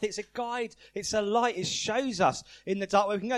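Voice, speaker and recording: A high-voiced man gives a lively sermon to a church congregation. His talk is playful and animated, and he keeps asking the room questions and repeating their answers. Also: fairly quick, hardly any pauses. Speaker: preacher. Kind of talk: lively family-service sermon.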